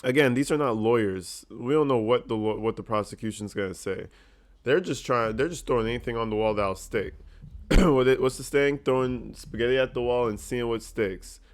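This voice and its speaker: A man giving casual, joking reaction commentary, peppered with cursing and animated asides. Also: mid-range voice, moderate pace.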